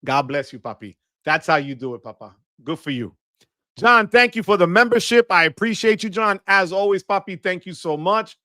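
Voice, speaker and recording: Hyped-up bright-voiced male livestream host. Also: high voice, moderate pace, no room sound, studio quality. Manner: energetic, hype shout-outs with slang and Spanish words. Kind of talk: casual live chat greeting viewers.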